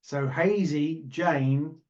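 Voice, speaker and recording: A man's voice: a little high, very slow, a little mellow, dull audio. A man co-hosting a casual podcast, talking in a playful, rambling, teasing way. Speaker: podcast co-host. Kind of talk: casual chat.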